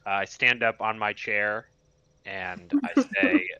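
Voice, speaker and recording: Lo-fi voiced man, bright and tense. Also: fairly low pitch, sing-song, slow pace, gravelly, smooth, no room sound. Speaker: player. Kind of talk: playing a tabletop game in character. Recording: dull lo-fi mic.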